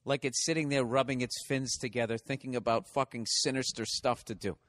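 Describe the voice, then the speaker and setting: A man's voice: mid-range voice, steady tone, fairly quick, fairly bright tone, big-room sound. Profane rambling male comic. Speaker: podcast host and comedian. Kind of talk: solo comedic podcast monologue.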